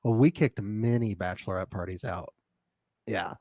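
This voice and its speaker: A man's voice: on the low side, moderate pace, warm tone, dry recording, studio quality. A young man co-hosting a casual recap podcast, joking sarcastically and laughing often. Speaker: podcast co-host.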